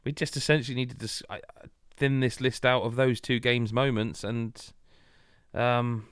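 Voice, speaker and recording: British guy on a podcast call, mid pitched, really dry close sound, animated storytelling. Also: normal speed, smooth, no room sound. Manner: animated storytelling, laughing asides. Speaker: podcast host. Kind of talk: casual podcast chat. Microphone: remote video call.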